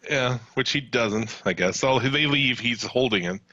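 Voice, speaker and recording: A man's voice: mid-range voice, unhurried, bright, forceful tone, no echo, lo-fi sound. A man co-hosting a podcast, recapping wrestling in loose, profane, laughing casual chat. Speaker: podcast co-host.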